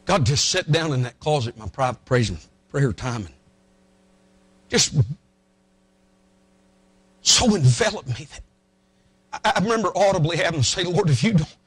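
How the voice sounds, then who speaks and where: Animated preacher telling a story. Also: male voice, on the high side, normal speed, pauses often, husky, no echo. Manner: folksy, emotional, breaks into song. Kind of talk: storytelling sermon.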